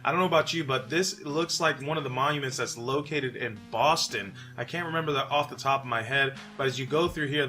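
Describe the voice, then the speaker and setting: A man from New York hosting a casual gaming commentary, relaxed and chatty with frequent fillers. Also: medium pitch, brisk, few pauses, soft background music. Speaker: channel host.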